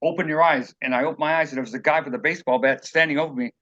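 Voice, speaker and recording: A man's voice: medium pitch, fairly even intonation, racing, fairly bright tone, highs cut off. A man being interviewed as an author, telling personal stories in a rambling, earnest way and acting out what people said. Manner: rambling, earnest, acts out quotes.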